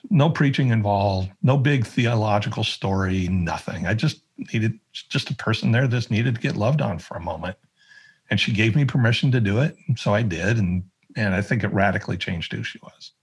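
Brief: low, husky male guest, earnest storyteller who acts out quoted voices. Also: moderate pace. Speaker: podcast guest. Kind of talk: conversational storytelling.

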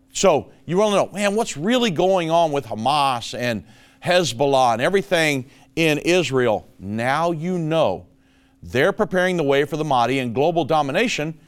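A man hosting a prophecy commentary show, talking emphatically and calling his listeners folks. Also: a little high. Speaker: show host.

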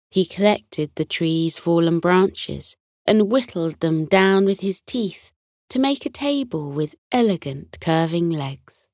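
Slow, soothing female storyteller. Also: on the low side, no echo, studio quality. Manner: soothing, unhurried and expressive. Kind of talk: scripted bedtime story narration.

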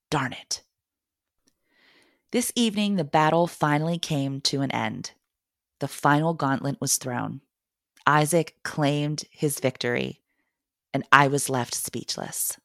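A woman's voice: low-pitched, unhurried, fairly bright tone, no echo, clean studio sound. A woman hosting a podcast, reading her personal essay aloud with wry humour. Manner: wry, humorous storytelling. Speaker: podcast host and mother.

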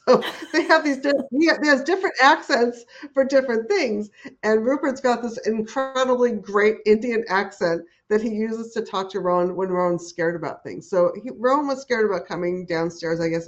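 Woman, interview guest, enthusiastic, rambling, restarts often, mid-pitched voice, dull lo-fi recording. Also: moderate pace. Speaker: guest who works with horses. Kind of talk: conversational interview. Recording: dull lo-fi audio.

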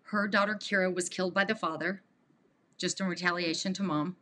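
A woman's voice: lowish voice, fairly even intonation, fairly quick, bright, forceful tone. A woman guest on a podcast who coaches abuse survivors, talking earnestly and rambling with restarts. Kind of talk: emotional interview talk.

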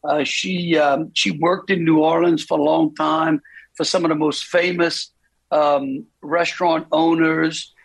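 Husky-voiced Cajun man. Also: a little high, little pitch movement, rough recording. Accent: Cajun Louisiana. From South Louisiana. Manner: halting, with many repeated words. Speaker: phone-in guest. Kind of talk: casual phone conversation.

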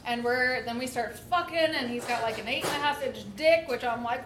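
A woman's voice: high voice, a little fast, few pauses, over a noisy crowd. A woman telling a candid comedic story in a casual way, giggling and saying "like" a lot. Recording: echoey room with background noise.

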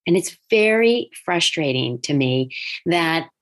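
A woman's voice: low voice, takes it slowly. A middle-aged woman hosting a podcast, talking casually and telling stories, acting out other people's words along the way. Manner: animated storytelling, acts out quoted voices. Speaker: podcast host, designer. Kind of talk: casual solo podcast talk.

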